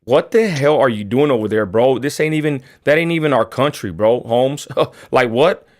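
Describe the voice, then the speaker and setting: Excitable West Texas stream host. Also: male voice, mid-range voice, normal speed. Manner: casual, slangy, excitable. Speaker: show host. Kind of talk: live political chat stream.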